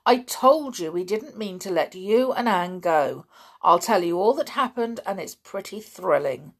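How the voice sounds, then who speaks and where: A woman reading a steady older schoolboy. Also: mid-range voice, unhurried. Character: sensible older schoolboy leader.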